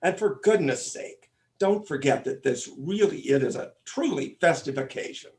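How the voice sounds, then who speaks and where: A man's voice: fairly high pitch, lively intonation, moderate pace, darkish tone, natural voice. A man playing a fussy, pompous father of the bride on stage. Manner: pompous, fussing. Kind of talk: stage comic opera acting.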